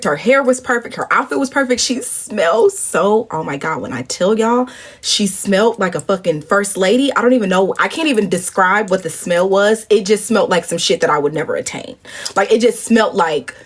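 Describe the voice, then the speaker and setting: A woman in her twenties from St. Louis chatting to viewers on a phone livestream, telling a story in a lively, profane way and calling them y'all and girl. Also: medium pitch, breathy edge. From St. Louis, USA. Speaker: livestream host. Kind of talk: casual storytelling chat. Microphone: phone at arm's length.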